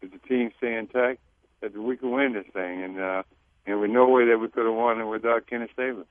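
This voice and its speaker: A man, a former teammate, speaking as a guest on a phone-in radio interview in a halting, reflective way that repeats words. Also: medium pitch, fairly even intonation, dry recording. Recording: tinny phone line.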